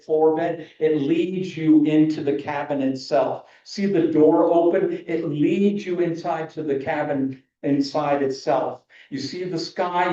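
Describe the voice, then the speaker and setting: A man with a fairly high, warm voice is judging photo contest entries on a video call. He talks eagerly and keeps starting over, and the call audio is distant, muffled and full of echo.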